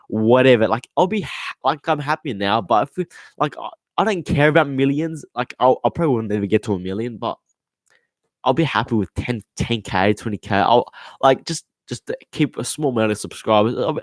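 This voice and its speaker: A young man hosting a casual football live stream, excitable and rambling, swearing often and restarting his sentences. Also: medium pitch, no echo, clean studio sound. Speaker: football podcast host.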